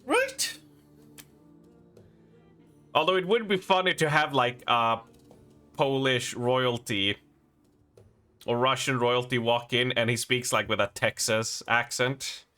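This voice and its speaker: A man's voice: medium pitch, a little slow, bright, forceful tone, clean tone, faint music behind. A man streaming a game live, chatting with his viewers and reading the game's letters and notes aloud.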